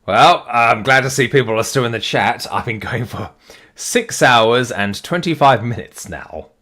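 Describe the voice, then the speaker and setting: A man's voice: medium pitch, expressive, unhurried, bright, forceful tone. A tired man reading a comic aloud live to his chat, casual and swearing, his voice sticking late in a long session. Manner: weary, rambling, swears casually. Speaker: live-stream reader. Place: home streaming setup. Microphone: desk mic with facecam.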